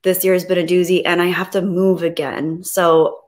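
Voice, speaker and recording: A woman hosting a casual live stream, greeting viewers and reading their messages aloud, soft and reflective when she talks about grief. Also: fairly low pitch, little pitch movement, moderate pace.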